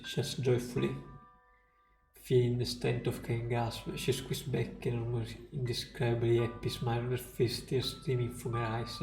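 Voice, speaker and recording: A man streamer reading game story text aloud in a slow, somber way. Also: mid-range voice, little pitch movement, creaky. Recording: roomy room, faint music.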